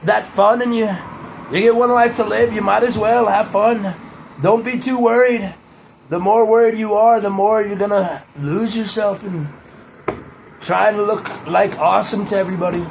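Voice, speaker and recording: A man's voice: sits high, vocal fry, slight background noise. A young man rambling playfully in a casual video monologue. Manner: playful, drifts into pep talk. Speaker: vlogger.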